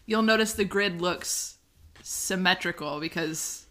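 A woman's voice: on the low side, measured pace, pushed and bright, a little hiss or hum. A woman co-hosting a podcast in casual chat, hesitant and searching for her words. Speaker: podcast co-host.

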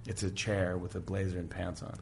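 A man casually retelling a story, animated, often breaking into quoted voices, with faint room sound. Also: low-pitched, a little fast, creaky, a little hiss or hum. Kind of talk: casual chat.

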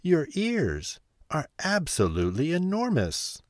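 A man voicing an innocent little girl in a high, wondering storybook voice. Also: huge pitch swings, measured pace, no echo, clean studio sound, exaggerated voice. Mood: wide-eyed.

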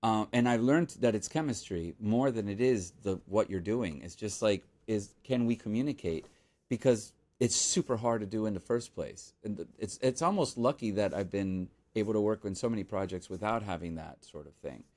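A man who is a guest composer on a podcast, telling a story in casual chat and acting out the people he quotes. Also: normal speed. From Miami, United States. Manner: animated, acts out quotes with sudden jumps in pitch.

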